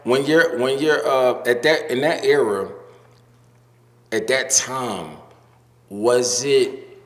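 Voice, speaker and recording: Male podcast host, slow deliberate questions, echoey room. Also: mid-range voice. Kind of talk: casual interview.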